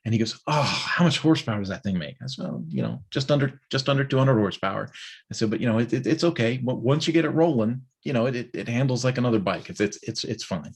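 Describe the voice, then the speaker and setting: A man's voice: medium pitch, animated, fast, creaky, breathy edge. A middle-aged man telling a casual story during a morning check-in. He talks in loose restarts and acts out the people he quotes. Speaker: business owner giving a morning check-in. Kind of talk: casual spoken monologue.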